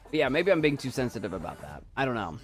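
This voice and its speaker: A man's voice: mid-range voice, very animated, quick pace, soft background music. A young man streaming from his desk at home, chatting casually in a rambling, self-doubting way and repeating himself. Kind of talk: casual live-stream chat.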